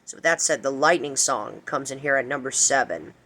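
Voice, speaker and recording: Bright, eager young man ranking songs. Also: mid-range voice, fairly quick. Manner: enthusiastic, repeats words, stretches words for emphasis. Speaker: music video host. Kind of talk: casual music countdown commentary.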